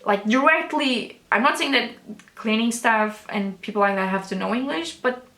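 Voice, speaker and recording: A young woman tells a storytime vlog in a loose, rambling way, restarting sentences and swearing casually. Her voice sits a little high, and the room around her is noticeably echoey. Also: moderate pace, fairly bright tone. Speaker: vlogger.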